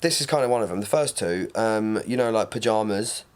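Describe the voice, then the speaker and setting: A man's voice: fairly low pitch, animated, fairly quick, smooth. Guy in his 30s, podcast co-host, meandering storyteller who slips into goofy impressions. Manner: rambling, tells stories with silly voiced impressions. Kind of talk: casual chat.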